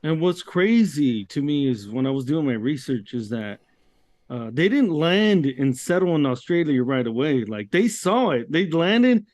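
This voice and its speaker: A laid-back podcast host from the United States, his voice a touch high for a man. He chats casually and swears now and then. The recording is dry and close, with no room sound. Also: sing-song, measured pace, a little mellow, dry recording. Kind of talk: casual chat.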